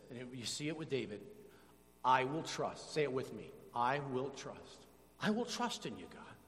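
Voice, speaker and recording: A man pastor preaching a sermon to his congregation, animated, calling for responses from the church. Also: mid-range voice. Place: church sanctuary. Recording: long hall reverb.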